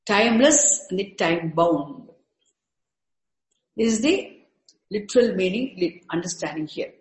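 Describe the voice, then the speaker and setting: A woman giving a spiritual lecture, slowly repeating terms and breaking Sanskrit words into parts. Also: mid-range voice, lively intonation, echoey room, rough recording. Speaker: teacher of Sanskrit scripture. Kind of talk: slow, repetitive spiritual lecture.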